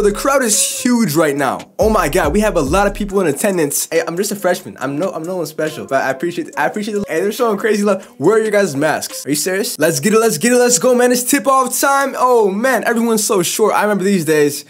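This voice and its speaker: A young man giving hyped, trash-talking commentary over his basketball video game, reacting fast to every play. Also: high-pitched. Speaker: gaming YouTuber. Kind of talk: excited gameplay commentary.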